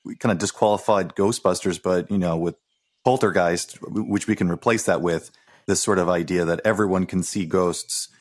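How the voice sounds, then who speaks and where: A man co-hosting a podcast, speaking in a measured, reflective way. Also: low voice. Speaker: podcast co-host. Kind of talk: casual movie discussion.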